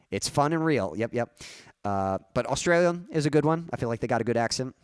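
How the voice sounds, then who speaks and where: A man's voice: mid-range voice, animated, fairly quick, clean tone, no echo, studio quality. A young man chatting casually on his music live stream, rambling and correcting himself with small chuckles.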